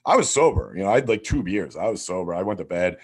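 Profane storytelling man, lowish voice. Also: quick pace, husky. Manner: animated, swears constantly, acts out quotes.

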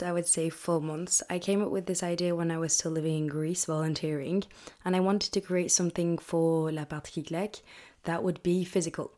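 A young woman from England hosts her own podcast, talking casually to listeners in a chatty, excitable way. Her voice sits a little low, and she drifts into rambling asides. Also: fairly quick. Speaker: podcast host. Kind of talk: casual solo podcast chat.

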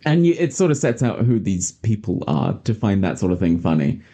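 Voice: deep voice, big pitch swings, brisk, warm tone. A podcast host in casual chat, chatty and sarcastic, often laughing.

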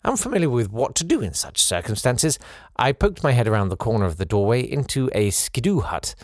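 A man's voice: mid-range voice, brisk, no room sound, studio quality. A man hosting a podcast, reading out a listener's letter with playful asides of his own. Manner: animated, playful asides between read passages.

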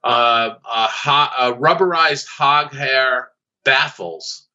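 A man with a bright, forceful voice tells a long story as a podcast guest. He often stops and restarts with plenty of fillers, and the recording sounds dull and lo-fi. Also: mid-range voice, expressive. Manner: halting, with many fillers and restarts. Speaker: guest, former studio artist. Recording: dull lo-fi audio.

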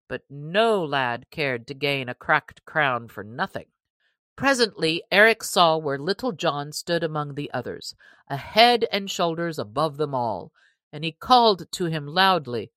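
Female audiobook narrator, unhurried and expressive, bright tone, dry close recording. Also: sits low, no room sound. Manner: measured, expressive reading. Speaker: audiobook reader.

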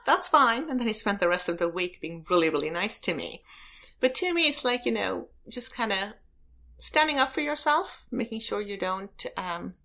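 A woman who serves as a prosecutor and elected official answers interview questions with earnest, emphatic personal stories. Her voice is medium in pitch with a sharp tone.

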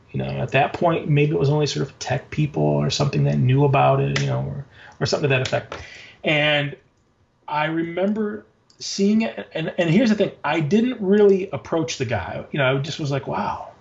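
A man talking casually and excitedly in an interview, rambling with many fillers and frequent swearing. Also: fairly high pitch, gravelly, lo-fi sound, a little hiss or hum. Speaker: guest, designer and notebook maker.

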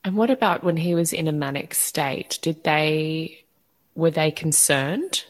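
Low-voiced woman asking gentle questions. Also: a little slow. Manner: gentle, probing follow-up questions. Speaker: interviewer. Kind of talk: conversational interview.

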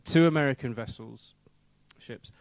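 Halting man telling a story. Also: medium pitch, vocal fry, no echo. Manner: halting, repeats words, giggly. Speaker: podcast host. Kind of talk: storytelling in casual chat.

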